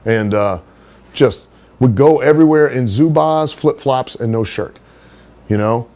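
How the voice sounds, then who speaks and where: A middle-aged man in an interview, telling stories in a casual, animated way. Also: unhurried. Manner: animated storyteller, does high put-on voices for others. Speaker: wrestler being interviewed.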